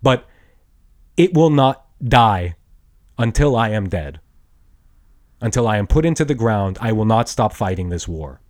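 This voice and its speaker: A man in his thirties rants alone on his podcast, swearing hard and breaking into shouted bursts. His pitch leaps high and drops low as his anger swells and settles. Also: lively intonation, measured pace, long pauses. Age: 30s. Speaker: podcast host. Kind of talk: angry solo rant.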